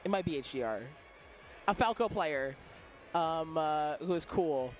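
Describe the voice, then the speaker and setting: A high-voiced man chatting on a live esports stream, joking about himself and spinning lively anecdotes. He has faint music playing behind him. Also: measured pace. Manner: playful, self-deprecating, animated storytelling. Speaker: esports commentator. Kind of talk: casual live-stream commentary chat.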